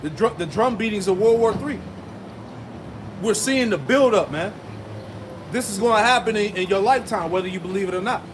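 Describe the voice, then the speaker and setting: Emphatic male street preacher, high pitch, outdoor traffic noise behind him. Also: a little fast, long pauses. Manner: emphatic, asks rhetorical "right?" and "man" often. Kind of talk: street sermon with scripture reading.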